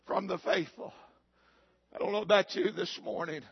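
A middle-aged male pastor, preaching a fiery sermon that rises to shouts. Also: high-pitched, fairly even intonation, normal speed, slightly rough, dull audio. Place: church.

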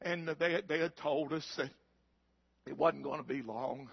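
Fiery preacher, gravelly and high. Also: male voice, unhurried, lo-fi sound. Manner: fiery revival preaching, rising to shouts. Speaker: pastor. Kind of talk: sermon. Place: church.

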